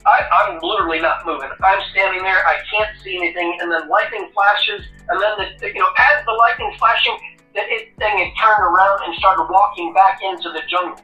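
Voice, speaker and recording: A man in his fifties, a retired Navy corpsman and podcast guest, telling an animated, profane story and laughing at himself. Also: sits high, a little fast, roomy sound, distant mic, lo-fi sound, soft background music. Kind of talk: casual interview storytelling.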